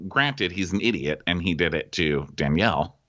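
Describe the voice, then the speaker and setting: A man's voice: sits low, animated, moderate pace, a bit bright. A man co-hosting a comedic TV recap, wry and laughing, acting out quotes. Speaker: podcast co-host. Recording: dull lo-fi podcast audio.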